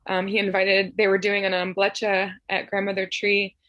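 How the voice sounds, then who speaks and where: Soft-spoken woman sharing heartfelt memories. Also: mid-range voice, monotone, normal speed, no room sound. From Tennessee. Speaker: memorial speaker. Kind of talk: heartfelt personal remembrance.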